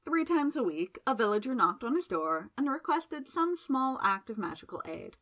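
A woman narrating a fantasy novel aloud in a lively, expressive storytelling manner. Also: a little high, normal speed. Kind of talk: audiobook narration.

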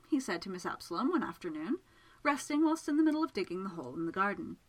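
A woman narrating a romantic story aloud in a measured, smooth reading voice. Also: mid-range voice, very animated, poor audio.

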